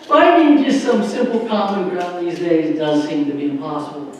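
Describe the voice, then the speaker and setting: A man's voice: sits high, moderate pace, noisy background. A man giving an earnest, folksy stage talk with a magic trick, joking with a church audience. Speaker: magician and motivational speaker. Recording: echoey hall from far off.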